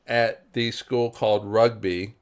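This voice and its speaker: A man's voice: lowish voice, fairly even intonation, slow. Rambling, swearing podcast co-host man. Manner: rambling, filler-heavy, swears freely. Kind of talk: casual chat.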